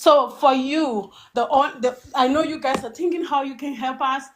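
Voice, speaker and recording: A fairly high-voiced woman speaks over a phone line as a caller on a live talk show. She talks with raw emotion, circling back and repeating phrases as she presses her point. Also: fairly even intonation, moderate pace, a little hiss or hum. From Togo. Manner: emotional, repeats and restarts words. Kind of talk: impassioned call-in testimony.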